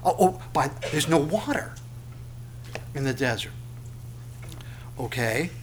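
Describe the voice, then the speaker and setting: A man preaches a sermon in a church sanctuary. His voice sits a little high, and he keeps it animated, firing off rhetorical questions and repeating short phrases to drive them home. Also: slow pace, a little hiss or hum. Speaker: pastor.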